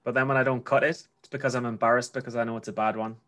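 A man's voice: mid-range voice, little pitch movement, racing, a bit bright. Geordie man chatting about trading. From North East England. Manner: chatty, rambling with restarts. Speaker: trader. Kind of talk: casual conversation.

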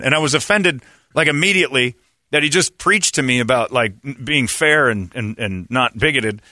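A man's voice: medium pitch, normal speed, no room sound, clean studio sound. A man hosting a morning radio show, telling a long story in casual chat with many fillers. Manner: rambling, lots of "uh" fillers, animated retelling.

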